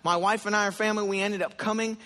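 A man preaching a sermon in a church, telling a story with animated asides and acted prayers. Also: high voice, quick pace. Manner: animated storytelling, voicing his own prayers. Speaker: pastor. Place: church hall. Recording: long hall reverb.

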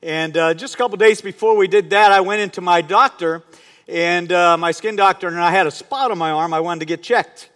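A man in his fifties with a high voice preaches in a conversational, storytelling way. He often turns to the congregation with questions. His voice carries a long reverb from a large hall. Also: a little fast, fairly bright tone. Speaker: pastor. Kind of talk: sermon.

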